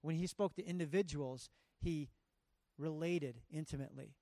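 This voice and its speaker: A man's voice: a little high, moderate pace, warm tone, no echo. A middle-aged man preaching a sermon, earnest and emphatic, with a conversational, storytelling delivery. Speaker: pastor.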